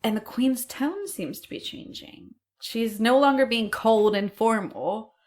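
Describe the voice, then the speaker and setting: A woman co-hosting a podcast, telling a history story in a casual, animated way, acting out quotes and swearing now and then. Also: a little high, unhurried. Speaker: podcast co-host.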